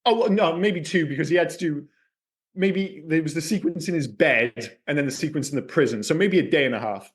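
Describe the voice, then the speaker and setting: A man co-hosting a casual film podcast, talking in an animated, rambling way and swearing freely. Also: a little high, fairly quick. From Scotland. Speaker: podcast co-host.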